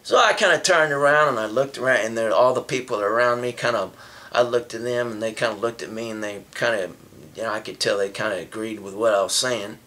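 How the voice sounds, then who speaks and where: A man's voice: on the low side, brisk, pushed and bright. A man vlogging a casual story, rambling, with many restarts and repeated phrases.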